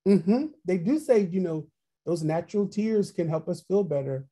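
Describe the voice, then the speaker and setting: This online webinar facilitator has a mid-range, dark voice with a breathy edge, lively intonation, and a moderate pace. Over a video call, the trainer poses and repeats reflective questions and reads participants' chat responses aloud.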